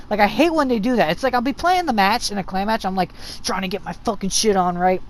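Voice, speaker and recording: A gaming host rants unscripted about an online clan in a profane, exasperated voice. The speech rambles and restarts often, at a mid-range pitch. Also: fast talker, hardly any pauses. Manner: mocks others in shrill put-on voices. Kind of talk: unscripted rant review.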